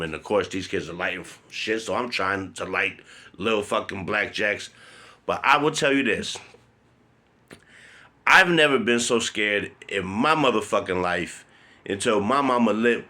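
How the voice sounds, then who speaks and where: A man telling a personal story in a blunt, profane, animated way. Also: fairly low pitch. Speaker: vlogger.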